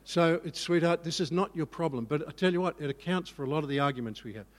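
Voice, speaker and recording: A male pastor telling a personal story in a sermon, animated and self-mocking. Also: on the high side, quick pace, in a large hall.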